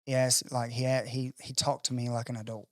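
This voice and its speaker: A man's voice: medium pitch, brisk, no room sound, studio quality. A man telling a personal story in a casual conversation, acting out other people's voices and swearing freely. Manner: animated storyteller acting out quoted voices, profane. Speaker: podcast guest.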